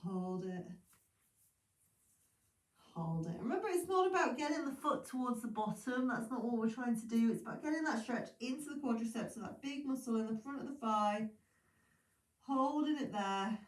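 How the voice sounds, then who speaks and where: Woman instructor, fairly high voice, echoey room a little off-mic, calm and encouraging. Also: normal speed, far from the mic. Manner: calm, encouraging, chatty asides. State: sleepy, yawning. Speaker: pilates instructor. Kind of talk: guided exercise class instructions.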